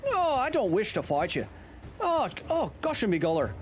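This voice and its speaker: A man's voice: wildly swooping pitch, moderate pace, a little hiss or hum. A man voicing an exaggerated stage-Irish man with a put-on Irish accent, crying out in theatrical exclamations. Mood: exclaiming. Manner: theatrical exclamations, high and shouty.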